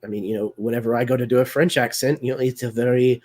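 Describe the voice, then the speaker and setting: A man's voice: medium pitch, fairly even intonation, quick pace, darkish tone. A man hosting a live video discussion, talking casually with many fillers and restarts. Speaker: host.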